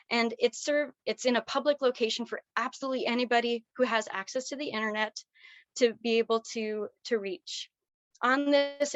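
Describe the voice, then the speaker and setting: Tearful woman grad student, earnest and halting, slightly high voice, dry muffled call audio. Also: dry recording. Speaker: graduate student presenter. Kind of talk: thesis presentation on a video call. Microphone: video call.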